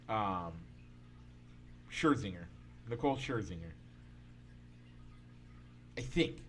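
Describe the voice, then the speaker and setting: A man's voice: mid-range voice, fairly bright tone, a little hiss or hum. Rambling, opinionated male podcast co-host. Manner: opinionated, arguing a point at length; loose and rambling, with many restarts. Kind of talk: casual sports and pop-culture chat.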